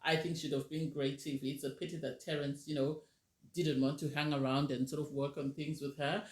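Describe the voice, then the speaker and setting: A woman casually reviewing a reality TV episode, animated and ranting, often acting out what people said. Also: low voice, brisk. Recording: roomy echo.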